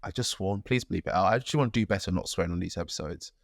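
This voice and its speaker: Animated man telling a story. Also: sits low, very fast, gravelly, no echo, clean studio sound. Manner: animated storytelling, acts out quotes. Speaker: podcast co-host. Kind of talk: casual chat.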